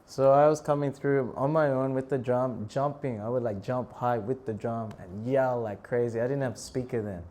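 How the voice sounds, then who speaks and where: A man in his thirties, a monk preacher telling a lively story in a temple talk, laughing often and breaking into shouted prayers. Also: medium pitch, moderate pace, few pauses, a little hiss or hum.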